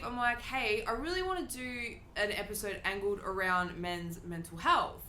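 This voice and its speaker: Animated woman podcast host. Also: medium pitch, normal speed, echoey room, slight background noise. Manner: animated, swears casually. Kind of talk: casual storytelling chat.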